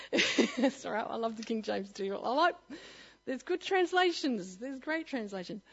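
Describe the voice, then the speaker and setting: A woman's voice: fairly high pitch, animated, a little slow, breathy edge, dull audio. A woman sharing her personal testimony at church, earnest and often laughing as she restarts her sentences.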